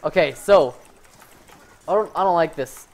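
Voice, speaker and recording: A man giving live commentary over his own gameplay, excitable and prone to yelling, with "fudge" in place of swear words. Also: on the high side, measured pace. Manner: excitable, yells when hyped, says "fudge" instead of swearing. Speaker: gaming streamer.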